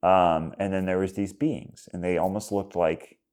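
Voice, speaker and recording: A man's voice: low voice, steady tone, moderate pace, darkish tone, clean tone. A man as a podcast guest, recounting an experience in a rambling way with lots of "like"s. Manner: rambling storytelling, many "like"s and acted quotes. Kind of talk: casual conversation.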